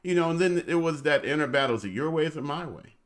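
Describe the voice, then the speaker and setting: Lively, teasing man co-host. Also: fairly high pitch, fast talker. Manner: playful, teasing, preacher-like emphasis. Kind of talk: casual chat.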